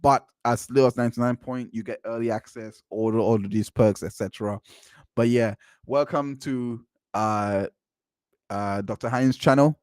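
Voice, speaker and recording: A man's voice: mid-range voice, fairly even intonation, moderate pace, a little mellow, smooth, no echo. Man hosting dry casual commentary. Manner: repetitive, restarts phrases, incredulous asides. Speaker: commentary channel host. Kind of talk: casual commentary on court transcripts.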